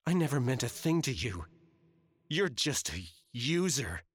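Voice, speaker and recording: A man's voice: mid-range voice, sing-song, measured pace, husky, no room sound, clean studio sound, pitched above the performer's own voice. A man voicing a furious, heartbroken young woman who speaks in a raw, accusing way.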